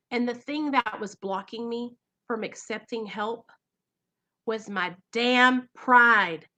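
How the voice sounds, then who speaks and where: Bright-voiced woman hosting a recovery livestream. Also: a little high. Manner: earnest, emotional, keeps addressing viewers directly. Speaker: recovery channel host. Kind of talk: livestream talk to viewers. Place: at home.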